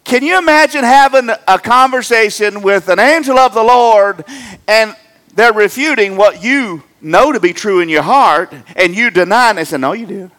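Animated joking preacher, high lively voice. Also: male voice, normal speed. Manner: animated, joking, swings between loud emphatic and low asides. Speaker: pastor. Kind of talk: humorous sermon.

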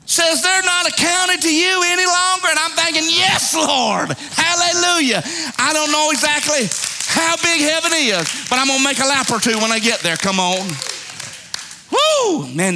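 A middle-aged man preaching a fiery sermon. He talks in a folksy, plain-spoken way, calls out to the congregation for responses, and swings from shouts to hushed pleas. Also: extremely high pitch.

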